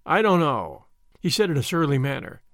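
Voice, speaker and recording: A man's voice: on the high side, sing-song, normal speed, a bit bright, no echo, studio quality. A man voicing a surly, rude French innkeeper who answers in sullen mutters.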